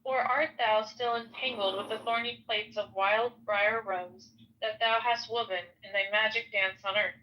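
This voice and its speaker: A woman's voice: a little high, fairly even intonation, slight background noise. Woman reading archaic text solemnly, lo-fi. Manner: slow solemn recitation with stumbles over names. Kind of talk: reading a ritual text aloud.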